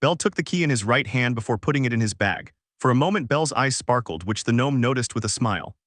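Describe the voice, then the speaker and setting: A man reading a fan fiction story aloud in an even, steady storytelling manner. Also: mid-range voice, quick pace, no echo, clean studio sound. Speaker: narrator.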